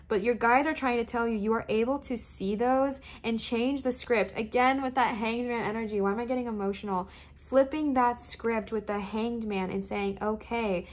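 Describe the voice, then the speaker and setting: A young woman giving an earnest tarot reading to her viewers, speaking in steady, repeated affirmations. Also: on the high side. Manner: earnest, repetitive affirming cadence. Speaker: tarot reader. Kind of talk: tarot pick-a-card reading.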